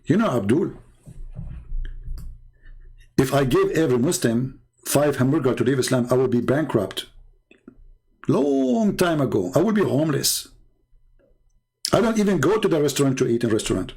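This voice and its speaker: A man hosting a live debate channel, telling a mocking story in a sarcastic, jokey, animated way. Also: mid-range voice, normal speed, vocal fry, pauses often, slightly rough.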